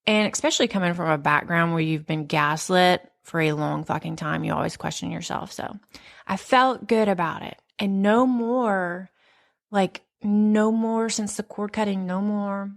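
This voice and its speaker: A woman in her thirties hosting a podcast, telling stories in a candid, profane, animated casual chat. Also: medium pitch, normal speed, vocal fry. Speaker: podcast host.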